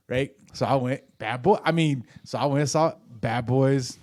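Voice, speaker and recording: A man in his forties chats casually as a podcast co-host, drifting through a long personal story with plenty of fillers and restarts. His voice sits at an ordinary pitch. The sound is close and dry, with no room around it. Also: brisk, a little mellow, dry recording. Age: 40s. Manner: rambling storyteller with lots of fillers. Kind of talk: casual chat.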